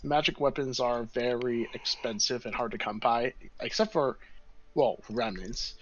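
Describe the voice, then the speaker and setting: A man's voice: medium pitch, unhurried, muffled recording, a little hiss or hum. A man narrating a tabletop game as game master in a casual, rambling way.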